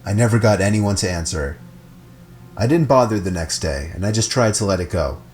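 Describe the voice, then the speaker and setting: A man giving a scripted, steady narration of a creepy story. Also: fairly low pitch, fairly quick, faint music behind.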